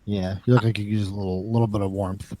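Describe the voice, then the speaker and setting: A man's voice: lowish voice, little pitch movement, fast talker, mellow. A man on the stream crew who answers the host with short, matter-of-fact replies. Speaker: crew member running the stream. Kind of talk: casual off-camera chat.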